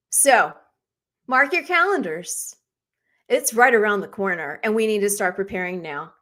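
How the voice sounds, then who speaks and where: A woman's voice: mid-range voice, animated, moderate pace, a bit bright. A woman in her forties from the Northern United States, hosting a live-streamed talk show in a bold, outspoken, emphatic way. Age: 40s.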